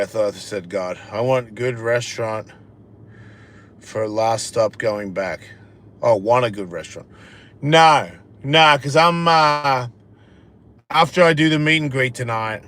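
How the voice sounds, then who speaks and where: A man, hosting a live stream, chatting casually and bluntly with plenty of swearing as he reacts to viewer comments. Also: a bit bright. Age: 50s. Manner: profane, blunt, jokey, drops into a low mumble. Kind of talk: rambling casual chat reading viewer comments.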